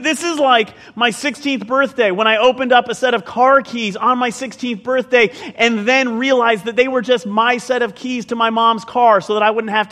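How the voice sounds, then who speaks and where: A man preaching a sermon in an animated, conversational way, mixing scripture with joking asides. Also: extremely high pitch, big-room sound. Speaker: pastor.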